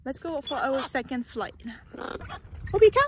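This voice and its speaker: High lively woman coaxing her birds outdoors. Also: moderate pace, slight background noise. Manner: soothing, cooing to her birds. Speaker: vlogger flying pet parrots. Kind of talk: casual vlog chat.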